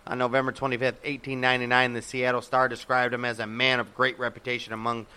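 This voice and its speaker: Male co-host, mid pitch, sharp bright tone, the straight man reading notes. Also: little pitch movement, fast talker, smooth. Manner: reads from notes, laughs at his co-host. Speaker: podcast co-host. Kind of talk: casual history podcast, reading facts.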